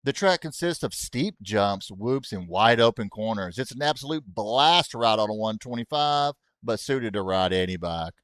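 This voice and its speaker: A man's voice: lowish voice, lively intonation, normal speed, few pauses, fairly bright tone, no room sound, studio quality. A man streaming a racing game, chatting casually to his viewers, rambling and getting sidetracked with jokes. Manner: rambling, easily sidetracked, joking; talks to chat with y'all asides. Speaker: gaming streamer.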